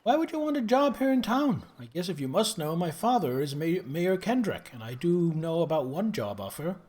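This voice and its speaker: A man's voice: a little high, sing-song, normal speed, a little mellow. A man doing a gushing young girl. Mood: eager. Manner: gushing, breathless enthusiasm. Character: excitable bored young girl, mayor's daughter.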